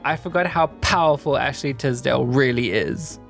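A podcast co-host in casual chat, reading film reviews aloud and tossing in quick deadpan quips. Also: mid-range voice, vocal fry.

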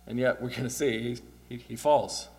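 A man's voice: mid-range voice, steady tone, normal speed, a little mellow. Chatty pastor man preaching. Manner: casual, asks "right?" often, chuckles. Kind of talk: conversational sermon.

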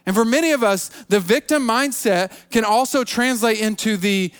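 High-voiced preacher with a drawl. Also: male voice, moderate pace, few pauses, fairly bright tone, clean tone. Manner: repetitive, stammering restarts, acts out quoted excuses. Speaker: pastor. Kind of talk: sermon.

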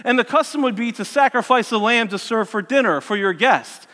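A man preaching a sermon as a lively story, acting out the characters' voices and adding joking asides. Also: very high-pitched, a little fast, long reverb tail. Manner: animated, voices the characters, self-mocking asides.

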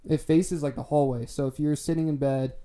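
Mellow-voiced young man telling a story. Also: a little high, steady tone, brisk. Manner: laid-back, swears freely, lots of fillers. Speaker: podcast co-host telling a story. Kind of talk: casual storytelling among friends.

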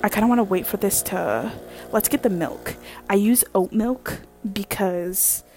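A young adult woman hosts a podcast from her kitchen at home, chatting casually and rambling as she moves around, speaking into a wired headphone mic. Her mid-range voice is a little mellow and measured in pace, with slight background noise.

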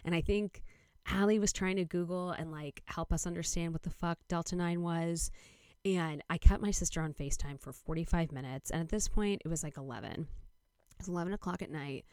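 Low-voiced woman rambling through a story. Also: fairly quick, darkish tone, smooth, dry recording, studio quality. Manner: rambling, heavy use of "like", quoting others. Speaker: podcast host. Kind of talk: casual storytelling monologue.

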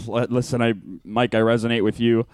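A man's voice: mid-range voice, flat delivery, fairly quick, a little mellow, clean tone, no echo, clean studio sound. A young man co-hosting a casual podcast, laid-back and swearing a lot, often trailing off and restarting. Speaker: podcast co-host. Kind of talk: casual chat.

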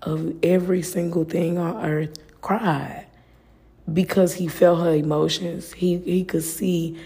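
Podcast host: a woman with a low, gravelly, flat voice, earnest and personal, casual faith talk. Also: slow pace. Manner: earnest, personal, with frequent fillers.

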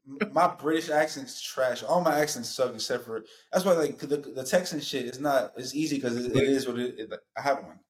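A man's voice: mid-range voice, a little fast, few pauses, echoey room, low-quality recording. A man chatting casually as a podcast guest, laid-back and slangy, laughing often. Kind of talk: casual chat.

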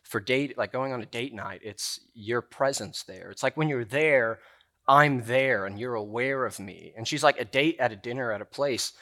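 A man's voice: medium pitch, normal speed, fairly bright tone. A young man preaching a sermon in a church room, telling a personal story in a casual, chatty way full of filler words.

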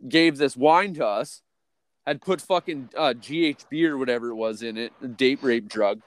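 A man co-hosting a podcast, telling a long story in a profane, rambling, excitable way. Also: medium pitch, normal speed, dry recording. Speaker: podcast co-host. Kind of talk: casual storytelling.

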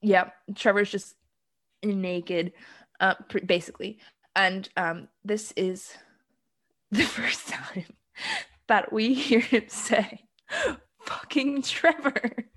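A woman's voice: medium pitch, steady tone, takes it slowly, pauses often, fairly bright tone. A woman co-hosting a casual chat, recapping a film plot with frequent ums and laughs. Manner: laughs often, many ums. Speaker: podcast co-host.

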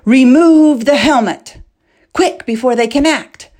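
A cunning, scheming man from a storybook speaks with a sneer, as a woman reading aloud puts him on. He talks slowly and deliberately, in a lowish voice, and sounds cold and calculating. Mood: shouting orders. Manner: barking orders, then sneering softly.

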